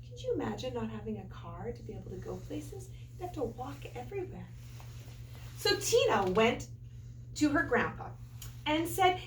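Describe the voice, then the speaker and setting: A woman teacher reading a picture book aloud to children, animated and playful, with playful asides. Her voice is high and swoops widely. She sounds far from the mic in an echoey room with faint background noise. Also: normal speed.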